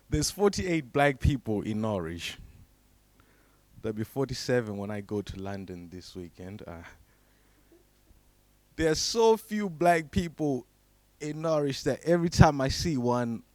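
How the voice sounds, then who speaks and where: A young man from Zimbabwe performing a stand-up comedy set. He delivers low, deadpan setups and then breaks into sudden high, shouted character voices. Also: unhurried, pauses often, dry recording.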